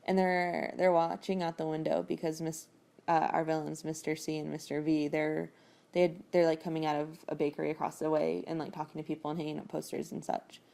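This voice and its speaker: Low and flat, her delivery is brisk, with vocal fry and a dark tone. She hosts a podcast and recaps a novel in casual chat, rambling along with plenty of fillers and laughter.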